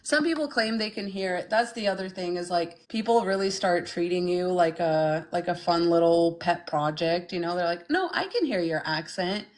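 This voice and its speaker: Young female streamer, low-ish voice, frank and blunt, casual chat with viewers. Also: moderate pace, hardly any pauses, darkish tone. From Ukraine. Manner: frank, blunt, filler-heavy, lots of "like". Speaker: podcast host reading chat.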